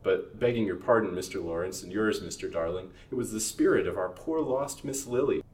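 A man's voice: on the low side, fairly quick, a little mellow, lightly acted. A man doing a trembling old servant. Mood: frightened. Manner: trembling, humble. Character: aged, frightened, humble manservant. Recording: roomy recording from a distance.

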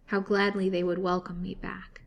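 A woman's voice: on the low side, level tone, normal speed, creaky. A woman voicing a starving imprisoned woman who pleads desperately, in a storybook reading. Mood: pleading. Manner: imploring, mournful storybook reading.

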